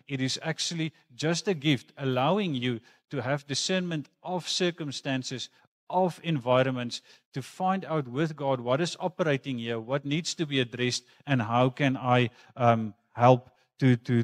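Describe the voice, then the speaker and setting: A man preaching a sermon in a church, talking earnestly and conversationally and mixing in personal stories. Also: medium pitch. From South Africa. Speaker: pastor.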